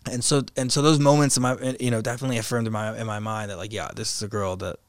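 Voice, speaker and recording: A man's voice: fairly low pitch, fairly even intonation, fast talker, clean tone, dry recording. A young man guesting on a podcast, chatting casually in a rambling way, full of fillers and restarts. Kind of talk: casual conversation.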